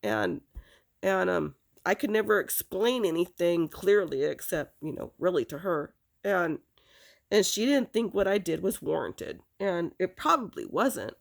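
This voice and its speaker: A woman recounting a painful personal memory, halting, with many fillers and restarts. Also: lowish voice, very animated, gravelly. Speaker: storyteller.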